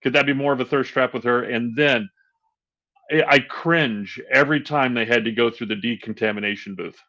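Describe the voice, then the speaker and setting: A man co-hosting a podcast, chatting casually and ranting with exasperated, animated energy. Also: medium pitch, moderate pace. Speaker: podcast co-host. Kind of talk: casual chat. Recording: dull lo-fi sound.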